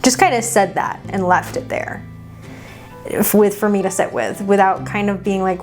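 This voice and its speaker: A woman giving casual reaction commentary on her own old video, animated and teasing, with casual swearing and asides to viewers. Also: medium pitch, unhurried, soft background music. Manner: talks straight to viewers. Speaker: witchcraft content creator.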